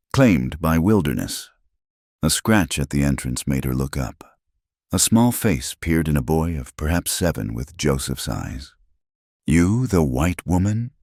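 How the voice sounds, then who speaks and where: Very deep gravelly male narrator. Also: lively intonation, a little mellow, no room sound, clean studio sound. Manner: measured dramatic read-aloud. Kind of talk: scripted storytelling narration.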